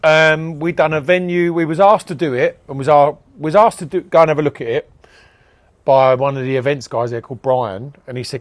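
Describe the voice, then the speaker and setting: A man from England, an events promoter, is a guest on a podcast, chatting casually and telling stories, acting out conversations and laughing often. His voice is fairly high, his pace moderate, and there's no echo.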